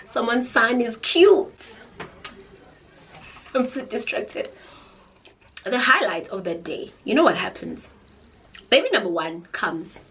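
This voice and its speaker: A young woman with a South African accent, telling a storytime tale in a dramatic, animated way. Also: on the high side, slow, pauses often, slight background noise, low-quality recording. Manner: animated, dramatic, code-switching into Zulu. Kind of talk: casual storytime chat.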